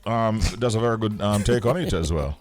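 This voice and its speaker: Male morning host, low voice, easygoing and jovial. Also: fairly quick. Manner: relaxed and jovial, laughs easily. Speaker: radio show host. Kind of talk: casual radio banter.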